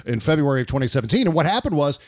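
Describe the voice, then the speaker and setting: A man's voice: a little high, big pitch swings, rapid-fire, no room sound, studio quality. Chatty male podcast host, laughs easily. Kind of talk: casual talk show banter.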